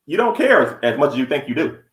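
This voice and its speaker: A man's voice: on the high side, very animated, quick pace. A young man co-hosting a podcast, telling blunt, profane stories in casual chat. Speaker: podcast co-host. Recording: echoey room.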